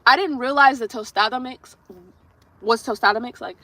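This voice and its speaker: Bright-voiced woman telling a story casually. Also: a little high, moderate pace, dry recording, low-quality recording. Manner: blunt, profane, chatty storyteller. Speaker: nail artist livestream host. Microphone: streaming setup while doing her nails.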